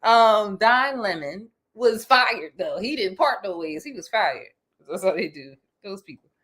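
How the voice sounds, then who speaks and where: A woman's voice: medium pitch, lively intonation, a little slow, fairly bright tone. A woman with a Philadelphia accent co-hosting a casual podcast chat, playful and prone to giggling and crude jokes. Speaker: podcast co-host.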